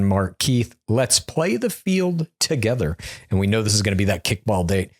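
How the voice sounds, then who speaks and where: A man co-hosting a podcast, recapping a reality show in a casual, joking way. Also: lowish voice. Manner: joking, quotes cast members in silly voices. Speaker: podcast co-host.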